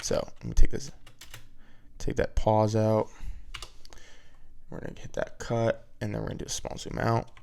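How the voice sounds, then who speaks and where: A man's voice: fairly low pitch, monotone, moderate pace, vocal fry, long pauses, a little mellow, clean tone. A man teaching video editing in a casual, step-by-step way, often checking in with "right?". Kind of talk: screen-recorded editing tutorial.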